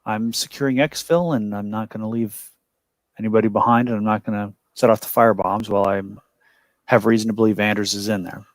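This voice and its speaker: A man's voice: on the low side, fairly even intonation, brisk, no room sound. A man playing a character in a tabletop game, talking in a wry, playful way. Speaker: player.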